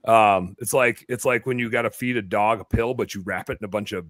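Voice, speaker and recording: A man hosting a live podcast in casual chat, rambling and excitable, dropping the odd swear word. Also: on the low side, a little fast, dry recording, studio quality. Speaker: podcast host.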